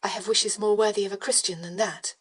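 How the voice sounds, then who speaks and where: A proper, guarded young lady from a historical romance answers in short, restrained phrases, keeping her tone steady and faintly reproachful, voiced by a woman narrator. Her voice stays in a plain middle register. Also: medium pitch, fairly quick, breathy edge, dry recording, studio quality, natural voice. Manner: clipped, tense, quietly reproving. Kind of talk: audiobook character voice.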